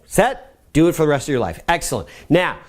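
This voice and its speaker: Energetic middle-aged guy doing a motivational web lesson, kinda high voice, bouncing all over the place pitch-wise. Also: a little fast. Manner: energetic, coaching the listener with repeated commands. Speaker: personal growth teacher. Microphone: camera mic.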